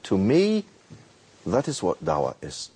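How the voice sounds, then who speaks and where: Husky animated male preacher. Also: low voice, measured pace. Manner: animated, repeats words, acts out a street vendor's calls. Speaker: Muslim preacher guest. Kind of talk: storytelling explanation.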